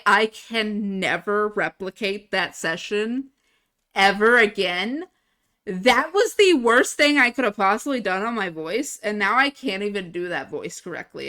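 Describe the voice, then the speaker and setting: Bright, chatty young woman streamer. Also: mid-range voice. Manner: chatty, giggly, self-amused. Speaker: livestreamer. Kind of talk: casual stream chat.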